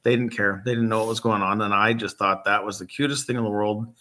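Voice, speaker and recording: Halting, emotional middle-aged man from Michigan. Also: on the low side, fairly even intonation, pushed and bright. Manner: halting, many pauses and ums, voice catching with emotion. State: emotional, near tears. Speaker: grieving father and vlog host. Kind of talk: unscripted casual talk to camera.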